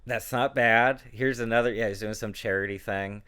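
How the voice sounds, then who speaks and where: A man's voice: fairly low pitch, steady tone, moderate pace, bright, forceful tone, clear, resonant tone. A man co-hosting a podcast in casual chat, rambling and laughing often. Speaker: podcast co-host.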